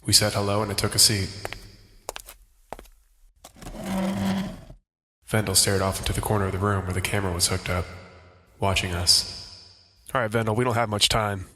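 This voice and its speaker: An actor playing a wisecracking private detective who narrates in a dry, hard-boiled way and grows exasperated. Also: male voice, on the low side, steady tone, quick pace, pushed and bright. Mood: wry narration. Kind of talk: comedy noir audio drama.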